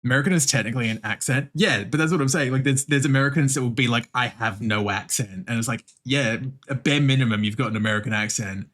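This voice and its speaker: A man's voice: medium pitch, fast talker, few pauses, a bit bright. An Australian man chatting casually with viewers while drawing on stream, swearing freely and laughing often. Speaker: art streamer.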